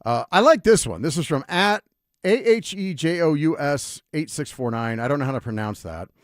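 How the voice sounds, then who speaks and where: A middle-aged man holds the mic on a sports talk show. His voice swoops up and down as he rambles through an animated story. The studio sound is close and dry, with no room echo. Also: on the high side, moderate pace. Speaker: sports radio host. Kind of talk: casual radio talk and storytelling. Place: radio studio.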